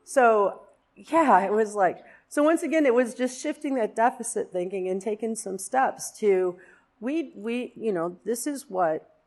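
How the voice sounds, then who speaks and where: A woman's voice: a little high, expressive, measured pace, darkish tone. A woman in her fifties giving a personal testimony at a church service, earnest and rambling, with many fillers and restarts. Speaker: congregant sharing a testimony. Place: church sanctuary.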